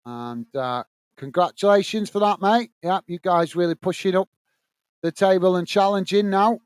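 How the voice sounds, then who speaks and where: This is the host of a live football watch-along from the UK, whose smooth voice moves at a normal pace with no echo. Between moves he chats with his audience, his pitch rising for greetings, while his commentary stays steady.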